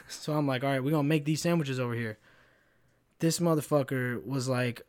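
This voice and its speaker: A man's voice: medium pitch, normal speed, clear, resonant tone, no room sound, studio quality. A young man hosting a podcast, telling a story from work in a casual, exasperated and profane way, full of "bro" and "like". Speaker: podcast host. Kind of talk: casual venting monologue.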